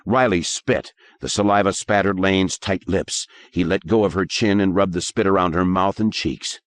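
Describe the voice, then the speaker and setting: A man narrating an audiobook in a measured, expressive way. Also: low voice. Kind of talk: scripted narration.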